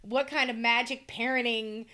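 A woman's voice: on the high side, fairly even intonation, moderate pace, pushed and bright. A woman, chatting candidly and emotionally as a podcast co-host, swearing freely and tearful. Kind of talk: casual chat.

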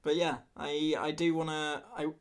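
Creaky-voiced man chatting casually. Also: on the high side, little pitch movement, normal speed. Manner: rambling, hesitant, many restarts and fillers. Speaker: podcast co-host. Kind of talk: casual film podcast chat.

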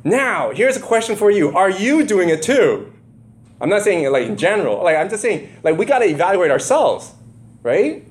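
A man delivers a sermon in a loose, conversational way, often checking in with his listeners through rhetorical questions. His somewhat high voice is very lively, leaping up and down as he presses his points. He builds into emphatic, impassioned runs. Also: moderate pace. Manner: emphatic, rising to impassioned bursts. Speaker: pastor.

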